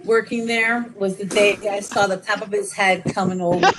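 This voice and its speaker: A woman's voice: mid-range voice, very noisy. A woman chatting playfully with coworkers on a video call, laughing often. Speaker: team member on a panel. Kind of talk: casual chat.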